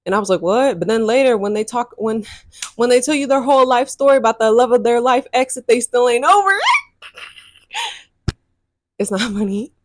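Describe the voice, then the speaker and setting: A young adult woman telling a dating story to camera in a sassy, animated way, laughing often and swearing freely. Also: fairly high pitch, brisk, pauses often, dry recording. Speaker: vlogger. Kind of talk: casual storytime chat.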